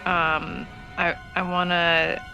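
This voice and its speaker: A woman's voice: fairly low pitch, little pitch movement, slow pace, highs cut off, soft background music. A woman playing a tabletop game, chatting casually and thinking aloud about her moves. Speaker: player.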